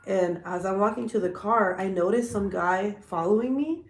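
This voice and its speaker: A woman in her thirties, a vlogger telling stories in a blunt, profane, animated casual chat. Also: mid-range voice, moderate pace, roomy sound.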